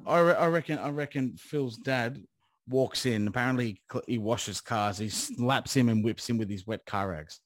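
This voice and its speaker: A young man chats about video games in a loose, rambling way, keen and cheerful, with the odd swear word thrown in. His voice sits at an everyday middle pitch. The sound is close and dry, with no room around it. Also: moderate pace, no echo. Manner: rambling, enthusiastic, swears casually. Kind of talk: casual gaming chat.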